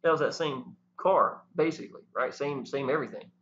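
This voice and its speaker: A man talking to the camera, animated and preachy, often saying "y'all". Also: mid-range voice, a little fast. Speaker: network marketing promoter. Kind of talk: casual talk to camera. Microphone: camera mic. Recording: dull lo-fi sound.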